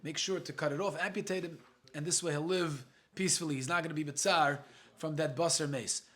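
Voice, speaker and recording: High-voiced rabbi teaching a chatty Talmud lesson. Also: male voice, fairly even intonation, brisk, sharp tone. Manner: reads Aramaic phrases then explains them in chatty English; conversational, thinks aloud and jokes with the class. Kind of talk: casual Talmud lesson to a live group.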